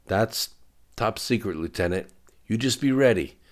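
Guy doing a stiff formal admiral giving orders, deep voice. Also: expressive, measured pace. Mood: commanding.

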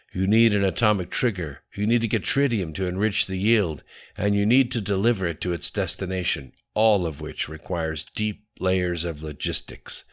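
A cold, clipped former bureaucrat, read by a man in a deep, low voice. He lays out plans matter-of-factly in a storybook thriller. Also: close to an everyday voice. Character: cold calculating Russian ex-official man.

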